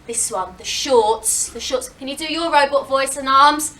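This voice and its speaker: A woman teacher gently coaxing young children to blend sounds in a classroom, heard from a distance. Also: sits high, a little slow, noisy background. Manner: gentle, encouraging, sounds out words. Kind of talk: phonics lesson with young children.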